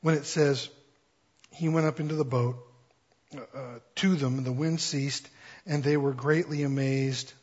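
A man's voice: mid-range voice, steady tone, measured pace, a little mellow, slightly rough, muffled recording. A man preaching a sermon in a conversational, playful way, acting out quotes with jokes. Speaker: pastor.

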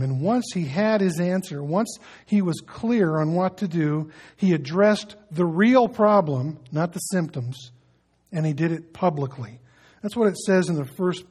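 A man's voice: on the high side, a little mellow. A middle-aged male pastor giving a sermon in a loose, conversational way, full of asides, fillers and restarts. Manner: conversational, anecdotal preaching with many fillers and restarts.

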